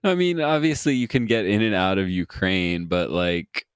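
A man co-hosting a podcast, talking in a slow, scornful, swearing way in casual political banter. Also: deep voice, smooth, no echo, clean studio sound. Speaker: podcast co-host.

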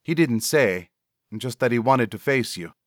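A man's voice: medium pitch, lively intonation, unhurried, no room sound, clean studio sound, lightly acted. A man reading a story aloud, voicing a worried young woman who talks earnestly to her cousin.

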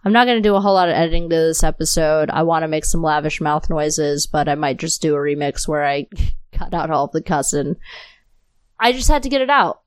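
A woman's voice: deep voice, fairly even intonation, brisk, clear, resonant tone, no room sound. A woman hosting her solo podcast, talking straight into her new mic, angry and impassioned, swearing often. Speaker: podcast host.

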